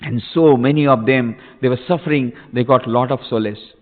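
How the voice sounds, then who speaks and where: A man's voice: mid-range voice, normal speed. A man, a monk, giving an impassioned spiritual discourse with phrases repeated for emphasis. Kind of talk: sermon. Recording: tinny recording in an echoey hall.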